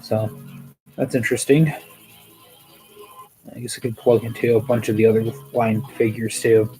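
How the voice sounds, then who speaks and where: A man's voice: mid-range voice, little pitch movement, moderate pace, mellow, faint music behind, rough recording. A man hosting a casual toy news show, rambling and hesitant, with many fillers, tired and yawning. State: sleepy, yawning.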